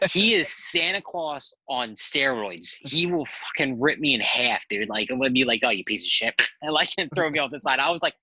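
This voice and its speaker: A man's voice: medium pitch, expressive, normal speed, hardly any pauses, sharp tone, dry recording, low-quality recording. A man telling stories as a podcast guest in a rambling, laid-back way, swearing casually. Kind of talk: casual storytelling chat.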